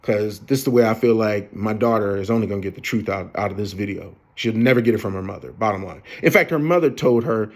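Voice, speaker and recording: A man's voice: lowish voice, fast talker, hardly any pauses. A man of fifty telling a long personal story to the camera, rambling and profane, with many fillers and restarts. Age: 50s. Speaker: vlogger.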